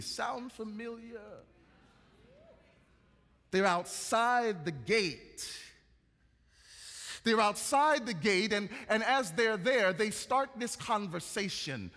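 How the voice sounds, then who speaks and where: A man's voice: sits high, lively intonation, slow pace, pauses often, bright, forceful tone. A man preaching a sermon in a rhythmic cadence that builds and rises. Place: large church hall. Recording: long reverb of a large hall.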